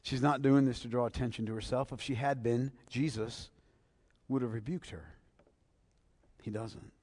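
A male pastor preaching a sermon, moving from hushed near-whispers to loud, emphatic passages full of rhetorical questions. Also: mid-range voice, steady tone, moderate pace, dry recording.

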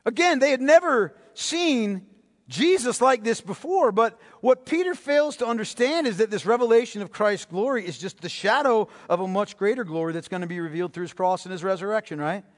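A male preacher giving a sermon, emphatic and repeating key phrases, swinging between loud and hushed delivery. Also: high voice. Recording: long reverb of a large hall.

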